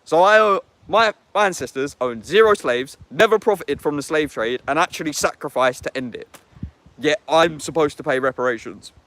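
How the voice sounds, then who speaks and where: A man's voice: on the high side, moderate pace, a bit bright. A young man with an English accent, delivering an angry, profane monologue to camera. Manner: angry, profane, heavy use of slang address.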